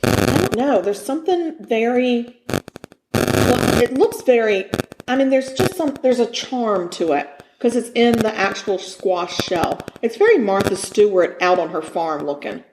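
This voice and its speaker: A woman's voice: a little high, animated, unhurried, background noise. A tipsy woman, co-hosting a podcast in casual chat, bubbly and laughing often. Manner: bubbly, laughs often, talks with mouth full. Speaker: podcast co-host. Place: someone else's apartment kitchen. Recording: roomy kitchen echo.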